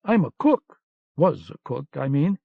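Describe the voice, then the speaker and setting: A man's voice: a little high, sing-song, a little slow, creaky, no echo, exaggerated voice. A man reading an audiobook, voicing a small, frightened German ex-cook with whiny, indignant outbursts, on a dull lo-fi cassette recording. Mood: protesting. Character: little male German ex-cook, complaining and frightened.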